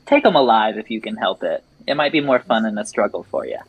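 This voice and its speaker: A man voicing a gruff, low-voiced adventurer with a deep, gravelly growl and a menacing, playful manner. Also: animated, fast, low-quality recording. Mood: gleefully menacing.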